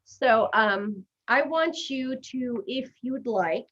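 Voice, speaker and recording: Woman host, casual live chat, fast, chatty, self-deprecating; muffled stream sound. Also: on the high side, animated, a bit bright. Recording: dull lo-fi stream audio.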